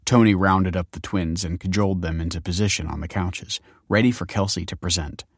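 A man narrating a story in a measured, wry way. His voice is deep and low. The recording is close and dry, with no room sound. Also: fairly even intonation, no room sound. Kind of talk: scripted narration.

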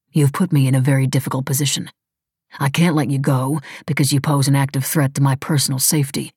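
A woman reading a composed man who holds all the power, speaking low and evenly. He lectures patiently, never raising his voice. The reading is husky and dry. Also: dry recording, full character voice. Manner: calm, measured, lecturing. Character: cool, controlled wealthy man in charge.

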